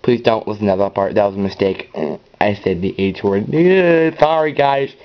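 Excitable rambling gameplay commentator, lo-fi. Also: male voice, normal speed, a little hiss or hum. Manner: rambling, excitable, bursts into high yells. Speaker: gameplay channel host. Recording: dull lo-fi recording.

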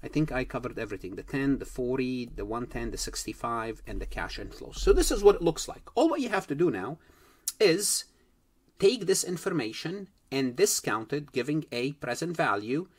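A man's voice: medium pitch, very animated, breathy edge. A man teaching an accounting lecture to students, explaining step by step and repeating key points for emphasis. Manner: speaks directly to students, pauses on key terms. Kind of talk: recorded lecture.

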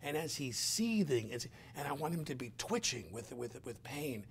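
A man's voice: medium pitch, very animated, normal speed, slight background noise. A middle-aged male host in conversation, telling stories in a rambling way with many fillers and acting out scenes.

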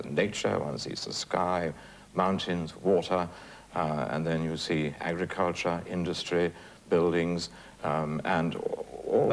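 A man with a very deep voice and a gravelly edge thinks aloud, pausing on fillers as he searches for words. A faint hiss sits behind him. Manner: reflective, hesitant with many fillers. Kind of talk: documentary commentary.

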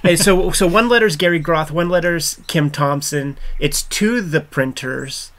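A slightly higher-voiced man from Pittsburgh, hosting a casual chat about comics. His manner is laid-back and jokey, with a crude streak. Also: measured pace, fairly bright tone. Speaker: host.

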